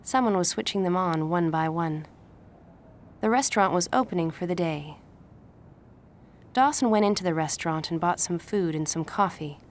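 A woman narrating a simple story aloud in a clear, steady read-aloud pace. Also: on the low side, normal speed, long pauses, slight background noise. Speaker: audiobook narrator.

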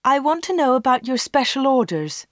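A woman narrator voicing a shrewd young village woman in a storybook reading, with a higher, eager voice. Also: big pitch swings, moderate pace, dry recording, studio quality. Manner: bright, higher, eager questioning.

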